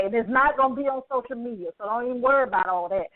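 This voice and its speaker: A woman's voice: on the high side, very fast, hardly any pauses, no room sound. Emphatic woman host on a phone line. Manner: emphatic, emotional, repeats herself, laughs often. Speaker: podcast host. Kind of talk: casual show sign-off.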